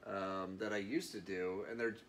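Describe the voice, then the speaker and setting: A man in his thirties with a low voice speaks with earnest candor, reflecting slowly and leaning on fillers. A faint hiss of noise sits under the recording. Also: fairly even intonation. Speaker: guest. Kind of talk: candid interview.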